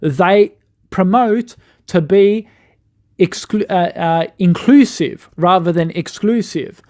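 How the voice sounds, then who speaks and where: Argumentative man with a mellow voice. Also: high voice, slow. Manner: argumentative, rhetorical questions. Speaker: commentator. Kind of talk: opinion monologue.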